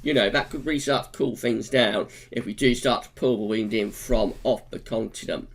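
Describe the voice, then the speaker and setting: A man's voice: fairly low pitch, steady tone, normal speed. A man giving an informal long-range weather forecast over charts, chatty and unscripted, with frequent fillers and self-corrections. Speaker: weather forecaster, channel host.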